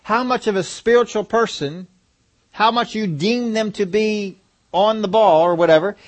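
Emphatic high-voiced male preacher. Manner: rhetorical questions, emphatic. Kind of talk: sermon.

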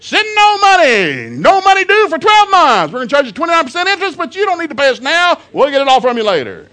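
Brief: a preacher playing a pushy male car salesman from a TV ad, high and yelling. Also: huge pitch swings, fast, exaggerated voice. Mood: yelling hard-sell. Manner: yelling, hard-sell.

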